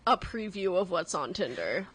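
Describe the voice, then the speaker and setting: A young woman co-hosting a casual studio radio chat, quick to react with giggles and exclamations. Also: lowish voice, big pitch swings, a bit bright, slight background noise. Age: young adult. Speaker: radio show co-host.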